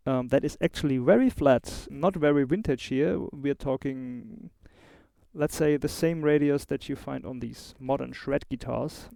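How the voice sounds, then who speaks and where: German-accented man, gravelly dark voice. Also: medium pitch, no echo. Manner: chatty, informal, with small asides and fillers. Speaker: host of a guitar review show. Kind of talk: casual gear review.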